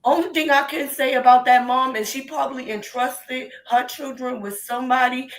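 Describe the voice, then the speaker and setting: A woman's voice: high voice, steady tone, moderate pace, low-quality recording. Impassioned rambling woman caller. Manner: rambling, emphatic, many restarts. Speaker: caller on a live stream. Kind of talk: impassioned call-in commentary. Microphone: remote call.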